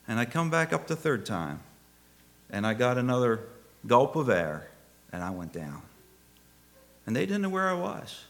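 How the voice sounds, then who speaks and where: Animated preacher man telling a story. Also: fairly high pitch, unhurried, long pauses. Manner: storytelling, swings from hushed to loud exclaiming. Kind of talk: sermon.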